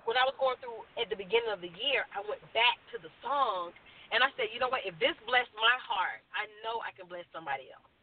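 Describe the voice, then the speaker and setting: A woman's voice: fairly high pitch, animated, fast. A middle-aged woman singer speaks openly and with feeling, laughing now and then. Her voice rises and falls a lot. She comes through a thin, tinny phone line. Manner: candid, emotional, laughs often. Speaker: guest singer. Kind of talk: casual radio interview over the phone.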